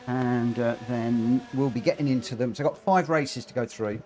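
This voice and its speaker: A man's voice: mid-range voice, moderate pace, a little mellow, faint music behind. A man streaming a racing game, reading chat aloud and chatting with lots of fillers, a little short of breath. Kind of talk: live stream commentary.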